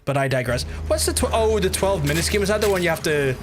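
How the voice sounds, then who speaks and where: A man's voice: high-pitched, animated, fast, background noise. A man in a casual gaming livestream who rambles and swears often while he talks to chat. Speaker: gaming streamer. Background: game music.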